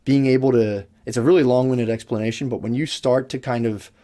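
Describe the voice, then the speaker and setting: A man's voice: medium pitch, steady tone, fairly quick, warm tone. A young man co-hosting a podcast in casual chat, talking in long, looping sentences full of "like", restarts and swearing. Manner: rambling, swears freely, many restarts and "like". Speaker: podcast co-host. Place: podcast studio.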